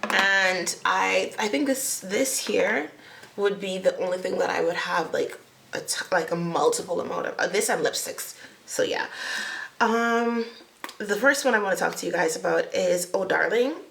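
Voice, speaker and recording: A woman's voice: mid-range voice, moderate pace, gravelly, a bit bright, roomy sound. A young woman from the Bahamas, chatting to camera as a beauty vlogger, rambling and laughing at herself. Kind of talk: casual chat to camera.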